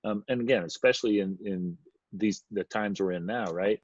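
Deep husky man hosting an interview. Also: no echo. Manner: halting, casual, thinks aloud. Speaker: host. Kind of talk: interview questions. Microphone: video call. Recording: dull lo-fi video call audio.

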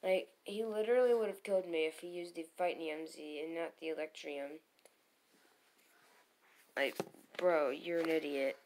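A woman narrates her own gameplay in an unhurried, slightly low voice, mostly muttering to herself. Her excitement spikes now and then into loud cheering. A faint hiss of noise sits under the recording. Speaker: gamer commentating own battles. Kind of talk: casual gameplay commentary.

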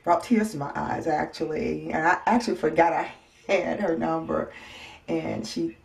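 A woman with a low, gravelly voice gives a casual health update from home. She sounds weary and in pain. She speaks softly and haltingly, with frequent ums and sighs. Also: steady tone. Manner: soft-spoken, halting with many ums and sighs. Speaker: vlogger. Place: home, indoors.

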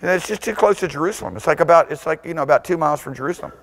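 A male pastor delivers an impassioned sermon in a fairly high voice. He swings between loud, shouted peaks and low, intense stretches. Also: rapid-fire.

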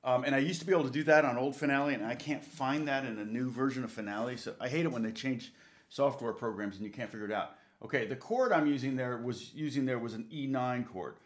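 A man's voice: medium pitch, fast talker. A man giving a casual live guitar lesson, rambling and chatty, counting beats aloud between bits of guitar playing. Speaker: guitar teacher. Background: guitar playing between talk.

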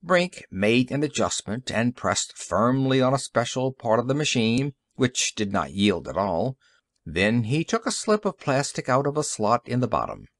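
A man narrating an audiobook story in an expressive, varied reading. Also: mid-range voice, normal speed, no room sound, clean studio sound. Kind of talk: scripted narration.

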